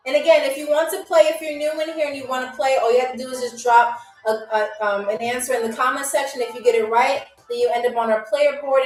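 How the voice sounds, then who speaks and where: An upbeat woman with a high voice hosts a live-streamed trivia game, chatting with her viewers and drawing out each word she teaches. She sounds a little distant from the mic in a roomy space. Faint music plays underneath. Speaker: livestream game show host.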